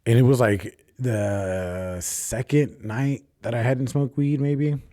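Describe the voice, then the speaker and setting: A man's voice: medium pitch, slow, dark tone, no room sound, clean studio sound. A young man hosting a solo podcast, telling a personal story in a rambling, profane, confessional way. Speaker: podcast host. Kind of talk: casual solo podcast monologue.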